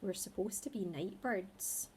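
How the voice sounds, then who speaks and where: A woman's voice: mid-range voice, unhurried, darkish tone, slight background noise, close to an everyday voice. A woman voicing a small, anxious baby barn owl boy who talks eagerly and earnestly.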